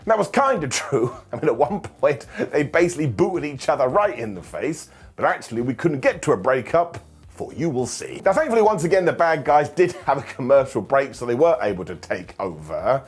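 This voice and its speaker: A man's voice: mid-range voice, sing-song, fairly quick, breathy edge. A man giving a jokey, sarcastic recap of a wrestling show, full of mock asides to the wrestlers.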